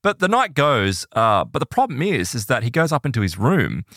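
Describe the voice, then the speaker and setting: A man hosting a podcast, retelling a story in a casual, animated way, full of "like" and "right?". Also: medium pitch, normal speed, dry recording, studio quality. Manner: animated, filler-heavy retelling with many "like"s and "right?"s.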